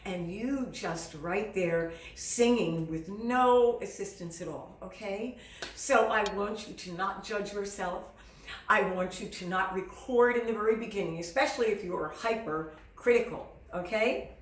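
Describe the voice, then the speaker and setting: A middle-aged woman teaching singing in an earnest, encouraging way, slipping into the worried voices of her students. Her voice sits at an ordinary pitch and is heard from a little way off the mic in an echoey room. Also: distant mic, a little hiss or hum. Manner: earnest, encouraging, acts out students' inner doubts. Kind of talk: direct-to-camera teaching.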